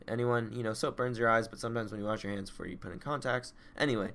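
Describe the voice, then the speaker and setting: Young male podcast co-host, mid-pitched, loose and rambling, foul-mouthed, bursts into shouted re-enactments. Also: steady tone, fast talker, vocal fry. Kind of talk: casual chat.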